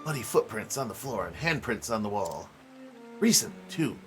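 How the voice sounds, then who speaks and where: A man doing a blunt, low-voiced thief. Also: big pitch swings, moderate pace, music in the background. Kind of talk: reading game dialogue aloud in character.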